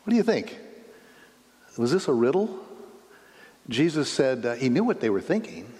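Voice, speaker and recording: Brief: male preacher, mid-pitched voice, animated storytelling sermon with rhetorical questions. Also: normal speed. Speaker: pastor. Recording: long reverb in a hall.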